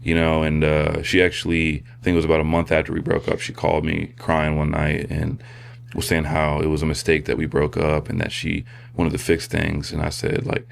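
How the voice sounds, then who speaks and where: A man, a podcast guest, sharing a personal testimony in a halting, soft-spoken way with many fillers and restarts. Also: a bass voice, monotone, creaky, a little hiss or hum. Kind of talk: personal testimony in casual conversation.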